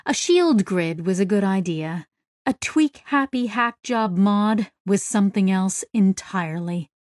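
A woman giving measured, scripted audiobook narration. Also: medium pitch, a little mellow, no echo, clean studio sound.

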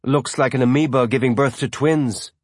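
A man voicing a blunt, weary male spaceship crewman who talks in short, gruff sentences. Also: mid-range voice, steady tone, moderate pace, dry recording, clean studio sound, natural voice.

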